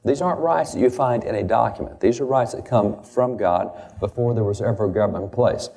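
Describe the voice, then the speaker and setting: A man's voice: fairly low pitch, fairly quick, vocal fry, mellow. A man giving a historical lecture, reading quotations aloud and stressing key words.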